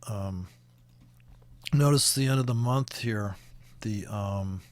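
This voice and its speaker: Man, Canadian accent, fairly low voice, halting and rambling, screen-share chart talk. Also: darkish tone, no room sound. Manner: rambling, halting, with frequent fillers and restarts. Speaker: forex trading commentator.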